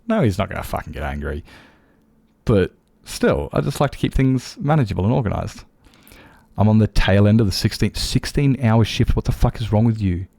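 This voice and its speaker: A man's voice: fairly low pitch, big pitch swings, moderate pace, gravelly, darkish tone, dry recording, studio quality. A male livestreamer in casual chat with viewers, rambling and candid, swearing freely as he talks.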